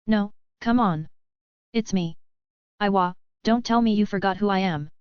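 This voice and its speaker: A woman's voice: mid-range voice, a little slow, clear, resonant tone, no echo, close to an everyday voice. A woman voicing a big, earnest male wolf beastkin who insists he is an old friend. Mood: pleading. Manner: pleading, insistent. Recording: dry, slightly dull lo-fi.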